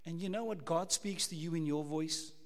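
A South African man preaching a sermon, emphatic, full of rhetorical questions, swinging between loud and hushed. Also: on the high side, moderate pace, gravelly, in a large hall. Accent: South African English.

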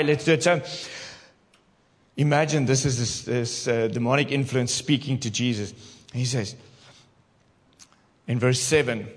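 Animated male preacher in an echoey hall. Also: a little high. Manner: animated, talks straight to the congregation. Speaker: pastor. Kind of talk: sermon. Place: church.

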